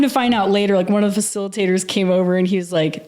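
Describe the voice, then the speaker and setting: A fast-talking woman with a steady, darkish, mid-range voice barely pauses as she recounts a personal story. She's a podcast guest in a casual interview, earnest and emotional, and she says "like" a lot.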